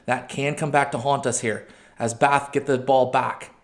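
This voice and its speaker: A man hosting a let's-play, commentating a match with excitable outbursts, shouting at his players and correcting himself. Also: medium pitch, moderate pace. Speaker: video game channel host.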